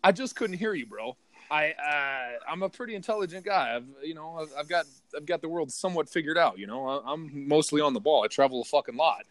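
A man's voice: on the high side, fairly quick, a bit bright, no room sound. A man co-hosting a podcast, telling a heated, profane story in casual chat. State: partly deaf in left ear. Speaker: podcast co-host.

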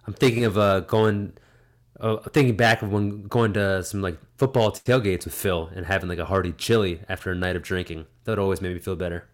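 A man co-hosting a casual comedy podcast, rambling with fillers and chiming in with quick reactions. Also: sits low, fairly even intonation. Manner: rambling, laughs easily, lots of fillers. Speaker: podcast co-host.

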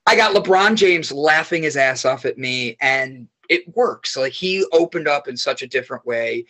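A man guest on a podcast, telling rambling, animated stories and swearing freely in casual chat. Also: medium pitch, moderate pace.

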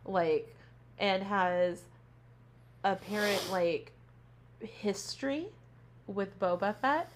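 A woman who is a teacher co-hosts a casual podcast, animatedly recapping a show, acting out the characters' lines, and swearing plenty. Her medium-pitched voice is very slow with frequent pauses. Background noise can be heard.

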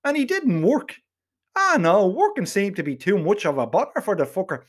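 A middle-aged man with a Dublin Irish accent spins a foul-mouthed comic yarn. His voice sits high for a man and swoops up and down with animated energy. He is plainly telling a story, crude and full of swearing. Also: normal speed. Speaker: narrator.

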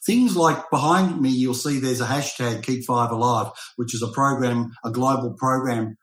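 A man hosting an interview, telling stories in a lively, animated way. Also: mid-range voice, moderate pace, roomy sound, low-quality recording. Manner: animated, storytelling. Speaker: podcast host. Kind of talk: casual interview chat.

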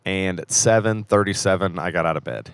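A man's voice: low-pitched, a little fast, a bit bright, clear, resonant tone, no echo. A man co-hosting a church podcast, chatting in a laid-back way with short replies. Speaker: church lead elder, podcast co-host. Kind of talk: casual chat.

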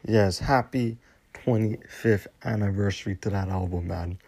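A man's voice: on the low side, a little slow, gravelly, a little mellow. A man hosting his own podcast in a drowsy, laid-back monologue, swearing a lot and tacking "man" onto his sentences. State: tired, yawning. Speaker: podcast host. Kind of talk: casual monologue.

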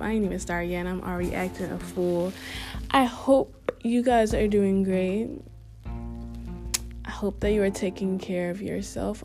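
Chatty young woman hosting a podcast. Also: medium pitch. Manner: chatty, self-interrupting, playful asides; emphatic, repeats advice for stress. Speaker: podcast host. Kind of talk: casual reflective monologue.

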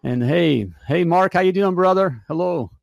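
An American man hosts a live podcast in an upbeat, folksy way and repeats his phrases as he goes. His voice sits a little high for a man. The sound is dry and close, with little room behind it. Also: normal speed, gravelly, no echo. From United States. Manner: energetic, folksy, repeats himself a lot. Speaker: podcast host. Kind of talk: upbeat live show chat.

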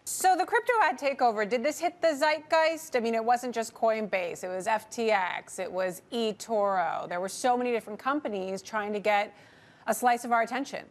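A woman anchoring a business news show, presenting segments and questioning guests in a brisk, polished delivery. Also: a little high.

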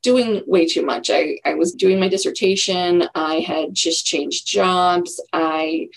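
A woman's voice: on the low side, slow pace, gravelly, rough recording. A middle-aged woman telling her own story in a candid, reflective way during a casual interview. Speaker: guest.

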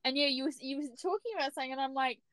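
A woman's voice: high-pitched, rapid-fire, a bit bright, no echo. A woman co-hosting a podcast in casual chat, chatty and restarting often as she acts out her own reactions. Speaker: podcast co-host.

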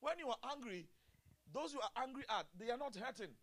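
With an extremely high pitch and a brisk, expressive delivery, a male pastor preaches at a church service. He chuckles often, dropping to quiet murmurs before rising to loud exclamations.

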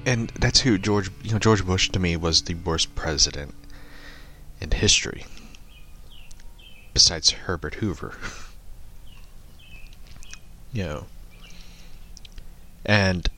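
A man's voice: deep voice, takes it slowly, pauses often, pushed and bright. A young man giving a rambling, profane opinion rant and chuckling between remarks. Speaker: online commentator.

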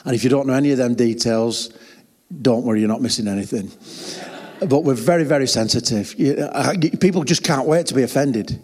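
A man's voice: mid-range voice, fairly quick, darkish tone. A man preaching a sermon, telling stories with humor and chatty asides. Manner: humorous, chatty storytelling with laughs. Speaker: pastor. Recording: long hall reverb.

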